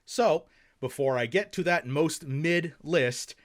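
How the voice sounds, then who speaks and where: A man's voice: a little high, slow pace. A young man hosting a music review channel, delivering profane, sarcastic rants and blunt album reviews. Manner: angry sarcastic ranting, heavy swearing; calmer deadpan review delivery.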